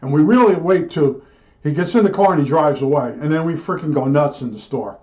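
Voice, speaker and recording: A man's voice: a little high, expressive, fairly quick, darkish tone, muffled recording. An older man telling a rambling personal anecdote, chatty and digressive, with many restarts and asides. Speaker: storyteller recalling old work days.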